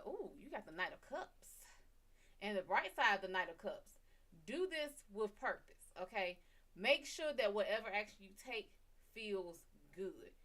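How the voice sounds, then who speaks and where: On her tarot live stream, a woman is casual and chatty, swears freely and talks to viewers directly by name. Her voice is medium-pitched and fairly bright, and it drifts off the desk mic when she turns away from it.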